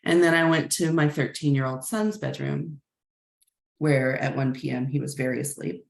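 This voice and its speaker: A woman's voice: rumbling low, moderate pace, creaky. A woman in her thirties or forties, a workshop facilitator, telling her class a frank personal story in a reflective way with many "like" fillers. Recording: roomy echo.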